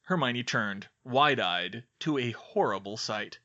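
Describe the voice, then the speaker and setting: A man reading a story aloud in a steady, even narration. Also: medium pitch, takes it slowly, dull audio. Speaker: audiobook reader.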